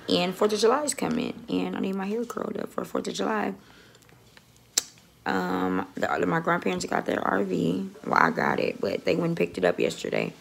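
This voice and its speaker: A woman's voice: fairly low pitch, vocal fry. A woman vlogging casually on her phone from a dentist's office, chatty and rambling and swearing often. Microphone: phone held close.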